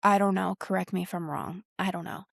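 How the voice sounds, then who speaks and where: A woman's voice: lowish voice, steady tone, brisk, vocal fry, no room sound, clean studio sound. A young woman from the US Northeast, hosting a podcast and rambling in a slangy, casual way that leans heavily on "like.". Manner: rambling, slangy, heavy use of "like". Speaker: podcast host. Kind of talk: casual solo podcast chat.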